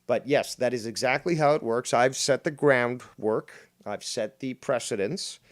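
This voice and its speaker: A man's voice: medium pitch, measured pace. A man streaming a rant in reply to a critic, combative, boastful and full of profanity. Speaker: streamer reacting to a critic's videos. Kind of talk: ranting commentary.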